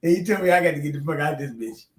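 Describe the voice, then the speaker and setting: A man's voice: fairly high pitch, rapid-fire, echoey room, over a noisy crowd. Profane storytelling man. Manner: animated, profane, laughs through his stories. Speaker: podcast co-host. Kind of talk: casual storytelling chat.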